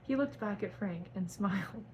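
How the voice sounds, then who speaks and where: A woman's voice: mid-range voice, moderate pace, slight background noise, low-quality recording. A young woman reading her own fan fiction aloud in a melodramatic voice, stopping to cringe at the writing. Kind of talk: dramatic reading with asides.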